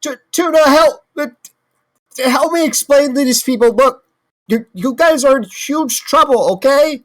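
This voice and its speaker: A woman voicing a panicky adventurer who yells high commands. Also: unhurried. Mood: urgent. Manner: frantic yelling.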